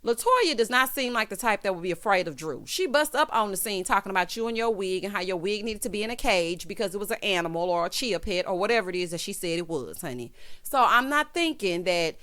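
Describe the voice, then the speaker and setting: A woman from Texas with a Southern twang, recapping reality TV in a sassy, animated way, calling everyone honey. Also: medium pitch, fast talker. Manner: sassy, animated, peppered with 'honey'. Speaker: recap vlogger.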